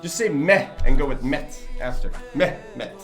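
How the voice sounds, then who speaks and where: Brief: young male game streamer, animated and rambling, loose and profane. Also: mid-range voice, moderate pace, faint music behind. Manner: rambling, joking, swears freely. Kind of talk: casual live-stream chat.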